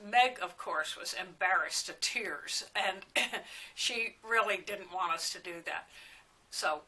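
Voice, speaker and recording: A woman's voice: lowish voice, takes it slowly, bright, forceful tone, husky, rough recording. An older woman being interviewed, telling chatty stories that wander from one memory to the next. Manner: chatty storyteller who wanders between anecdotes, with fillers and laughs. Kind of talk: oral history reminiscing.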